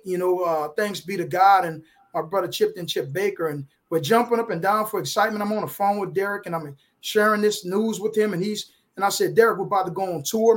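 A man speaking as a guest author on a live feed, giving an emotional, preachy motivational talk that leans on sports metaphors. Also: high voice. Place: live online video feed.

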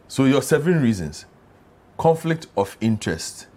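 A man's voice: on the low side, expressive, a little fast. Man hosting a political debate. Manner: interjecting, presses guests with pointed questions. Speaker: talk show host. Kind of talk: political panel discussion.

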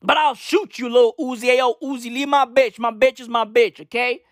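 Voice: mid-range voice, fairly even intonation, normal speed, no room sound, close to an everyday voice. Speaker doing bragging tough-guy rapper, profane threats, repetitive swagger, dry close mic.

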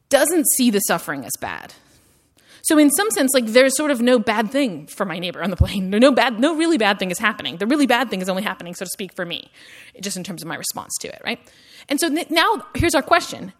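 With a fairly high, very animated voice moving a little fast, a woman gives a conversational university lecture. "Like" and "right?" tags pepper her speech, and she stresses her questions with a rising lilt.

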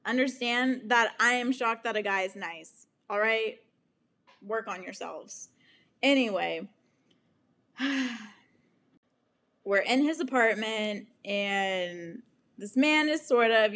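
A woman's voice: a little high, a bit bright. A young woman hosting a podcast, telling a personal story frankly and with plenty of swearing, laughing often and acting out quoted lines. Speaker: podcast host. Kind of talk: candid storytelling monologue.

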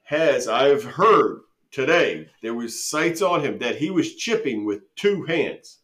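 A man's voice: medium pitch, sing-song, slow, fairly bright tone. A man co-hosting a casual podcast who rambles through gossipy stories and acts out the quoted lines. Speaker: podcast co-host. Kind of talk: casual joking chat.

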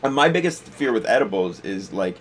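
A man in casual chat, talking in an easygoing, chatty way and quick to laugh. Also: mid-range voice, sing-song, faint music behind.

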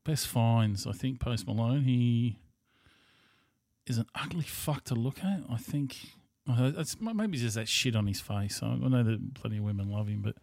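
A man's voice: medium pitch, expressive, moderate pace, vocal fry, darkish tone, no echo, clean studio sound. An Australian man rambling through a casual monologue as a podcast host, blunt and profane.

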